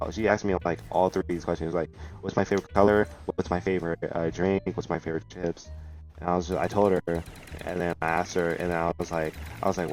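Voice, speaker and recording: A man's voice: sits low, darkish tone. A young man casually telling a storytime story, rambling with lots of restarts and slang. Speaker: storytime vlogger.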